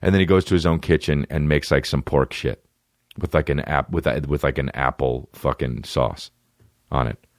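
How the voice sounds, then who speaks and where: A man's voice: rumbling low, steady tone, normal speed, no echo, studio quality. A man in his thirties hosting a comedy podcast, riffing profanely and slipping into mocking voices. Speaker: podcast host.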